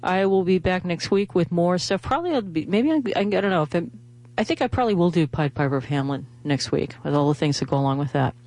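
A woman's voice: on the low side, steady tone, quick pace, few pauses, a little mellow. A woman radio host, talking in a rambling, chatty way full of fillers and restarts. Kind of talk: casual radio monologue with pledge appeal.

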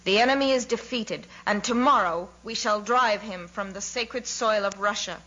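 A woman's voice: medium pitch, normal speed, pushed and bright, highs cut off. A woman reading aloud, voicing an emotional, stubborn old male commander who bursts out in choked indignation. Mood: fervent. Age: over 60.

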